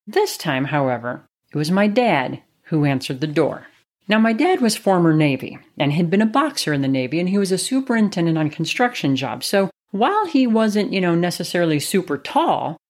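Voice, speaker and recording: A woman's voice: fairly low pitch, a little mellow. A woman telling a personal childhood story in an earnest, reflective way, then drawing advice from it, with occasional "you know" fillers. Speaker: speaker giving life advice.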